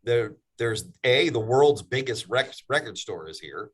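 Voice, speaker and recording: A man's voice: mid-range voice, expressive, a little slow, breathy edge. Easygoing podcast host man. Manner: easygoing, laughs along, short affirmations. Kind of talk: casual podcast conversation.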